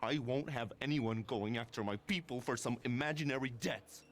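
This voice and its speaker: An actor playing a gruff, loyal middle-aged gang boss in a video game, swaggering and nostalgic. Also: male voice, mid-range voice, moderate pace, lightly acted. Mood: scheming.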